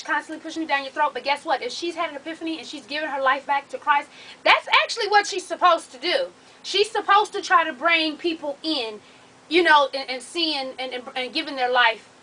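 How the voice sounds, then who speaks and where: A woman's voice: high-pitched, bright, forceful tone, far from the mic, poor audio. A woman hosting an advice vlog, talking bluntly and casually with slang and the odd swear word.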